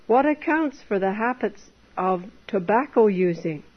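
A woman's voice: mid-range voice, expressive, a little slow, breathy edge. A woman preaching an earnest temperance sermon, exhorting her listeners with many rhetorical questions. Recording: dull lo-fi recording.

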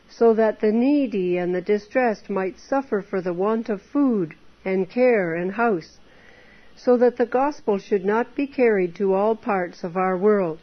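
A woman delivers a sermon in a fairly high voice, earnest and exhorting as she piles up rhetorical questions. The recording is dull and lo-fi. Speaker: preacher. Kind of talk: temperance sermon.

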